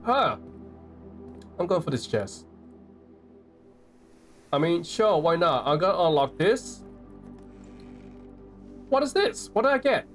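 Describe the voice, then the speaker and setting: Lively, high-pitched Australian man streaming a game. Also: takes it slowly, pauses often, soft background music. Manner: chatty, playful, reading game notes aloud and chatting to viewers. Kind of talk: live gameplay commentary.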